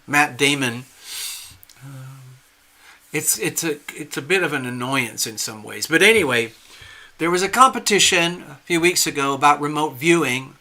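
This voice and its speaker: Male tarot reader, fairly high and very bright, earnest and reassuring on a live stream. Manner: earnest, reassuring, often asks "okay?".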